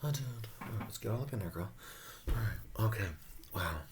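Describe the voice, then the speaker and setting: A man's voice: on the low side, animated, normal speed. A man giving a casual skincare review at home, campy, profane and playful, laughing often. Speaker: beauty vlogger reviewing skincare.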